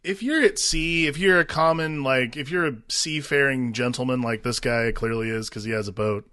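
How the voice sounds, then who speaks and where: A man's voice: medium pitch, steady tone, normal speed, bright, forceful tone, dry recording, clean studio sound. A man co-hosting a movie podcast, making joking, rambling asides with mock voices. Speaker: podcast co-host. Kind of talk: casual movie-review chat.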